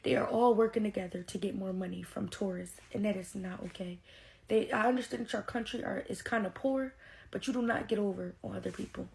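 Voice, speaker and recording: Woman, vocal fry, animated, casual storytime vlog. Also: mid-range voice, a little fast. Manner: animated, addresses viewers as y'all.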